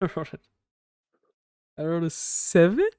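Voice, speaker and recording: A man's voice: a little high, very animated, moderate pace, warm tone, clear, resonant tone, no echo, studio quality. A man playing a tabletop game, talking casually with the game master. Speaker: player.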